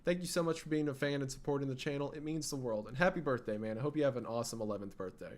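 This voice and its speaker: A man streaming, talking to his chat in a loose, rambling way with a faint Southern US lilt. His voice sits at an everyday middle pitch, and he often stops and restarts his sentences. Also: very fast, darkish tone. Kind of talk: casual livestream chat.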